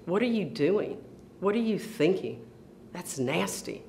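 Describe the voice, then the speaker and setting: Brief: strict kindergarten teacher, sharp and disapproving, as a storyteller puts her on. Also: fairly low pitch, expressive, a little slow, gravelly, slight background noise, voice pushed up. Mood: scolding. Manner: sharp and reproachful. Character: stern female kindergarten teacher, scolding.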